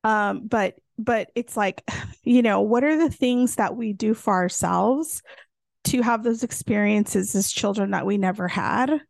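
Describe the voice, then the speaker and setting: A little slow and marked by vocal fry, this woman's mid-range voice carries a podcast co-host's casual, chatty storytelling full of fillers. The recording is dry and studio quality.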